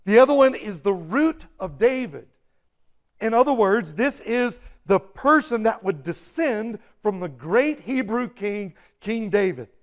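A man's voice: sits high, expressive, measured pace. A man preaching a sermon, emphatic and building to bursts of intensity. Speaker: pastor.

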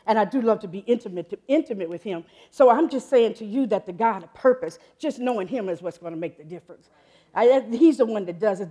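A woman in her fifties preaching a sermon in an animated, excitable way, often laughing and jumping up in pitch. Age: 50s.

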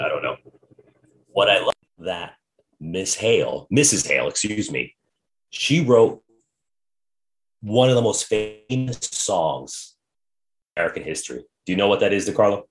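A man hosting a podcast, telling history in a casual, animated way and reading quotes aloud. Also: low-pitched, normal speed, a little hiss or hum. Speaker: podcast host.

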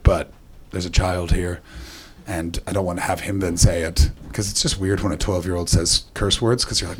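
A man in his thirties doing a stand-up set at a comedy venue, rambling through anecdotes and laughing at his own jokes. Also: lowish voice. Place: comedy venue with live audience.

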